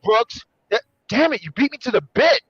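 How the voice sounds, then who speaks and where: A man co-hosting a casual review chat, animated and joking, often correcting himself. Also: very high voice, normal speed, husky, no room sound, lo-fi sound. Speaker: co-host.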